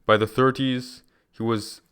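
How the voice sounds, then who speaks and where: A man reading a book aloud in a measured, deliberate way, now and then restarting a phrase. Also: medium pitch, fairly even intonation, fairly bright tone, clear, resonant tone. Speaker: reader.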